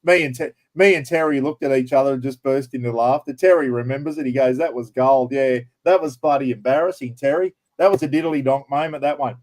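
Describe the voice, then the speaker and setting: A man with an Australian accent hosting a casual livestream chat and prize draw, matey and quick to laugh. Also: mid-range voice, darkish tone. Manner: chatty, matey, laughs easily. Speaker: livestream host.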